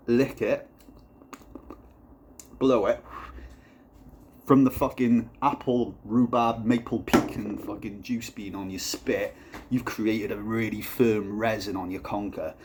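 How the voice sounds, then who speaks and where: A man doing a casual comic vlog, rambling and swearing through a deadpan story while reviewing a beer. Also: lowish voice, a little hiss or hum.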